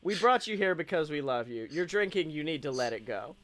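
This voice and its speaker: A man's voice: fairly high pitch, a crowd in the background, natural voice. Man doing a blunt scolding princess. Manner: rapid, deadpan scolding. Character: blunt princess holding an intervention, female.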